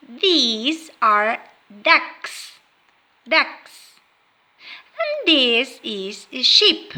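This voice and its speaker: A woman teaching a vocabulary lesson to young children. She speaks slowly and clearly, asks them to repeat words, and imitates animal sounds. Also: a little high, big pitch swings, sharp tone. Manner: slow, clearly spoken, prompting children to repeat.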